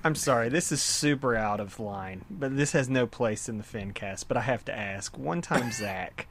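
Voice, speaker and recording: A man's voice: mid-range voice, moderate pace, a bit bright, slight background noise. A man hosting a podcast, telling goofy stories in casual chat and laughing often. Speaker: podcast host.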